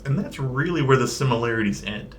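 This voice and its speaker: Chatty guy on a ghost-stories channel, mid pitch, talks fast sometimes, light hiss. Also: lively intonation. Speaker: paranormal podcast co-host. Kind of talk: casual discussion.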